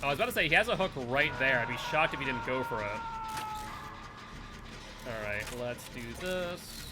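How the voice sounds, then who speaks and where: A man's voice: mid-range voice, expressive, normal speed, loud music behind the voice. A man giving casual running commentary while playing a game live and chatting with viewers and teammates. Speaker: streamer.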